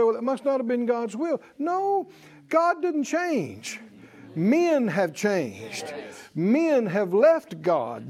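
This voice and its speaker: A man preaching a sermon in rhythmic call-and-response, rising to bursts and then dropping low. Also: a little mellow.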